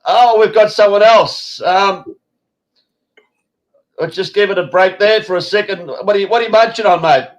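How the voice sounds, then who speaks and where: A man's voice: high-pitched, normal speed, pauses often. Rambling man on a dull stream. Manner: rambling, mumbly, swears casually. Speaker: host. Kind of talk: casual live-stream chat.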